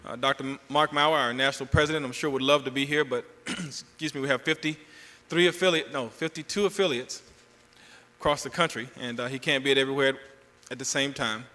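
A man with a Southern US accent, from Georgia, giving an energetic convention speech with a preacherly lilt. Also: mid-range voice, a little fast. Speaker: national representative giving a convention address. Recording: long hall reverb.

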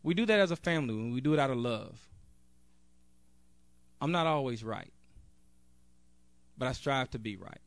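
A man's voice: medium pitch, lively intonation, normal speed, long pauses, no room sound. A man, a national board member, giving an earnest, direct convention speech off the cuff, with a few restarts. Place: convention hall.

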